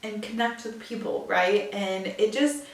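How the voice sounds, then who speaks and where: A woman's voice: mid-range voice, a little slow, distant mic. Brief: young female podcast host, chatty filler-heavy delivery, a bit off-mic in a roomy space. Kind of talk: casual solo podcast chat. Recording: echoey room, a bit off-mic.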